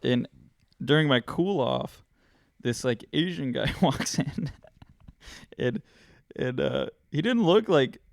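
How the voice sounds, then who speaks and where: A man's voice: mid-range voice, lively intonation, slow pace, creaky, pauses often, no room sound, clean studio sound. A young man hosting a podcast, chatting casually and telling stories with slang, laughing often. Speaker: podcast host. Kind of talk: casual chat.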